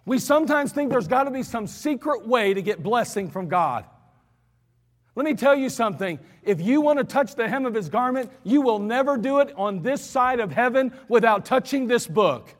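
Preacher guy, high voice, emphatic, big echoey church hall. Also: lively intonation. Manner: emphatic, repetitive, slows for stress. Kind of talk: sermon.

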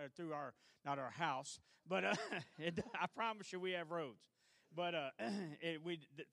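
Chatty preacher, higher voice. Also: male voice, fairly bright tone, no room sound. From North Louisiana. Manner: chatty, self-deprecating, homespun asides. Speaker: guest preacher, assistant pastor. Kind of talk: folksy church sermon opening. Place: church sanctuary, live service.

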